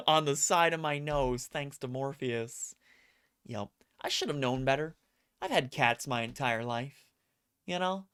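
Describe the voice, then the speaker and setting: With a clean, fairly bright mid-range voice, an adult live streamer chats casually to viewers. The stories ramble, quotes get acted out, and the streamer pokes fun at themselves.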